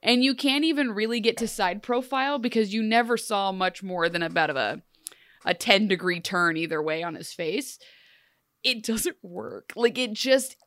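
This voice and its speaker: A woman's voice: mid-range voice, normal speed, a bit bright, no echo, studio quality. A woman co-hosting a casual chat show, speaking conversationally and laughing between remarks. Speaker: podcast co-host.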